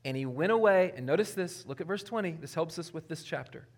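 A man preaching a sermon in a conversational way, his voice rising on questions and dropping low on key points. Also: lively intonation, fast talker. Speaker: pastor.

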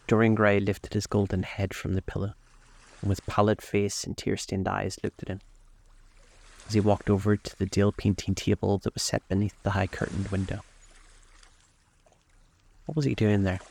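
A man reads a classic novel aloud in a steady, unhurried way. His voice sits low and carries a gravelly texture throughout. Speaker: storyteller.

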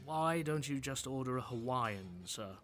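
A man's voice: mid-range voice, expressive, a little slow, a bit bright. A man playing a polite, patient pizzeria waiter who speaks formally to his customers.

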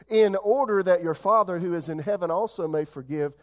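A middle-aged man preaching a sermon as pastor, swinging between loud emphatic bursts and soft asides. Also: high voice, brisk.

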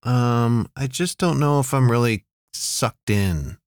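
A man's voice: medium pitch, lively intonation, slow, a little mellow, clean tone, no echo, studio quality. A man co-hosting a casual TV review chat, talking in a hesitant, conversational way with frequent restarts. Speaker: podcast co-host.

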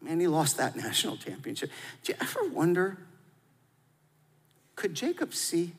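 A man preaching a sermon in a lively, conversational way, drawing the audience into call-and-response. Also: a little high, normal speed, slightly rough. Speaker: pastor. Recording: long hall reverb.

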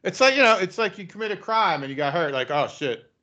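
A man co-hosting a casual sports podcast, chiming in with quick agreement and animated, profane takes. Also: high-pitched. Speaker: podcast co-host. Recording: dull lo-fi sound.

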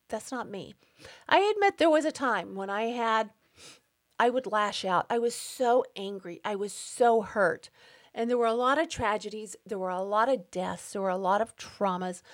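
A middle-aged woman hosting her own podcast, speaking an emphatic, indignant personal monologue and getting worked up as she talks. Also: a little high. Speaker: podcast host.

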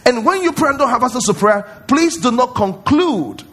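A man's voice: very high-pitched, very animated, moderate pace, a bit bright. A man preaching a sermon as pastor at a church service, emphatic and repetitive, often quizzing his congregation.

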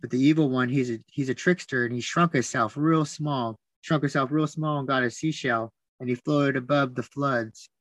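As a podcast guest, a man tells stories softly and reflectively, repeating words and restarting often. He speaks at a medium pitch and moderate pace, with few pauses.

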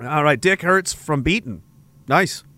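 A high, bright male voice that swings widely as he jokes through chat messages, swearing freely and acting outraged. The sound is close and dry with no room around it. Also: animated, unhurried, dry recording. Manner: profane, joking, mock-indignant. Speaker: streamer reading chat. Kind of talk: casual chat.

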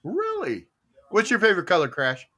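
A man hosting a casual podcast, chatty and quick to laugh, asking his co-hosts questions. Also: fairly high pitch. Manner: animated, asks questions, laughs often. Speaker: podcast host. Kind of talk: casual chat.

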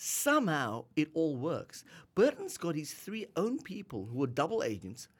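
A man co-hosting a film podcast, discussing a movie in casual chat, animated and often restarting his sentences. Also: fairly high pitch, normal speed, husky. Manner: animated, chuckling, repeats words when starting. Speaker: podcast co-host.

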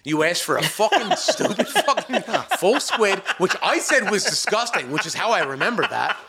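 A man co-hosting a podcast, telling a long story in a profane, animated way with mock-angry outbursts. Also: high voice, moderate pace, slightly rough. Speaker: podcast co-host. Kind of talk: casual storytelling chat.

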